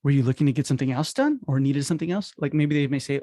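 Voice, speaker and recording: A man in a casual instructional talk who acts out phone calls with quick voice shifts. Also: on the high side, mellow, dry recording, studio quality. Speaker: podcast host teaching dental marketing.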